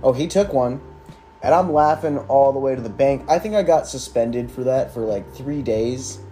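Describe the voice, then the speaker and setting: A man's voice: mid-range voice, moderate pace, warm tone, faint music behind. A young man hosting a podcast, telling a school story in a casual, sarcastic, profane way with lots of filler words. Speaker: podcast host.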